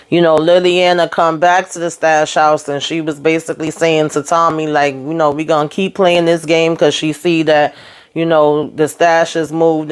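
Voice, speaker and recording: A woman's voice: low voice, clear, resonant tone. A woman hosting her own channel, giving a blunt, casual recap of a TV episode and talking straight to her viewers. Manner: blunt and outspoken, profane, talks straight to viewers. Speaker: TV review host.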